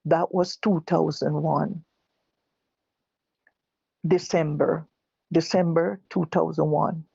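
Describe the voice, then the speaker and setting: An older Jamaican woman giving personal testimony, halting and correcting herself as she recalls what others said. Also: low voice, creaky, dark tone, breathy edge, no room sound, highs cut off. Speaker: guest telling her own story. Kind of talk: personal testimony told live.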